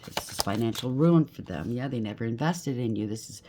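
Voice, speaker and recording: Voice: medium pitch, expressive, brisk, noisy background. A tarot reader giving a collective reading, blunt and emphatic, rattling off lists of traits and often checking in with "okay?".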